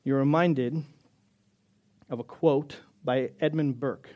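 A man preaching a sermon, acting out quotes of God and Moses and moving between loud and soft, with casual asides between scripture readings. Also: medium pitch, steady tone, takes it slowly, lo-fi sound. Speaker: pastor.

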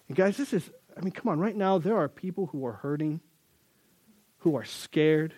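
A man's voice: a little high, moderate pace, a little mellow, no room sound. Man preaching a casual, emphatic sermon. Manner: conversational and emphatic, addresses listeners as guys. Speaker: pastor.

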